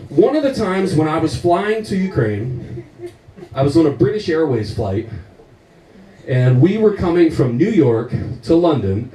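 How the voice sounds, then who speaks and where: A young American man tells stories from a stand-up stage, his voice swinging widely in pitch and breaking into laughter as he swears his way through each tale. His tone stays mellow. The mic sits well away from him in a roomy, echoing space. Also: far from the mic. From United States. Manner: animated storytelling, swears a lot, laughs often. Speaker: stand-up comedian. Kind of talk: stand-up set.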